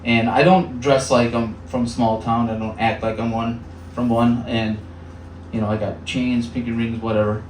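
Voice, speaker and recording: Stand-up comic in an echoey bar. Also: male voice, mid-range voice, flat delivery, normal speed, darkish tone, a little hiss or hum. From Upper Peninsula of Michigan. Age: 30s. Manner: conversational with filler words, acts out voices. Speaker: stand-up comedian. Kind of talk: stand-up comedy set. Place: small bar. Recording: echoey bar room, mic heard from a distance.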